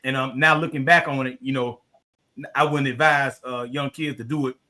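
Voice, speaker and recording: Bright, animated host. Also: male voice, medium pitch, moderate pace. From Southwest Atlanta. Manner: animated, slangy, calls the guest "man". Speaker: podcast host. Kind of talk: casual interview chat.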